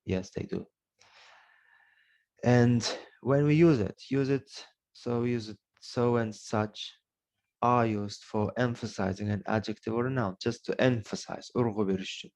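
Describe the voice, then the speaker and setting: A man's voice: mid-range voice, measured pace, darkish tone. A man with an Uzbek accent teaching an English grammar lesson, explaining step by step and repeating each example before translating it into Uzbek.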